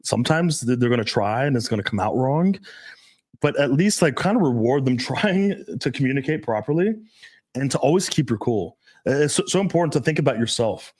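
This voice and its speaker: A man's voice: medium pitch, animated, fairly quick, a little mellow, slightly rough. A man in casual podcast chat, loose and profane, full of fillers and frequent laughs.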